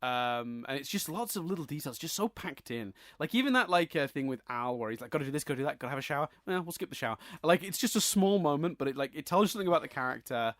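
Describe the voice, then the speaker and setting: Dry-miked, higher-voiced man reviewing films. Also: lively intonation, fast talker, few pauses, a bit bright, no room sound. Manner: chatty, laughs often, trails off and restarts. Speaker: podcast co-host. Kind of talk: casual film review chat.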